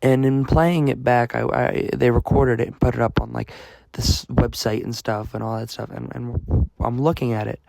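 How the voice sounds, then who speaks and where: A man's voice: medium pitch, steady tone, moderate pace, creaky, darkish tone, no echo. A young man from the United States telling a rambling, self-mocking story with lots of fillers and restarts. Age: young adult. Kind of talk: casual storytelling vlog.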